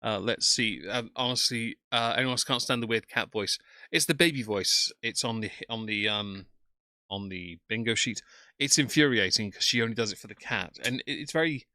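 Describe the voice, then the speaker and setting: A man's voice: lowish voice, normal speed, bright, forceful tone, dry recording, clean studio sound. A man streaming live reaction commentary in a sarcastic, mocking way.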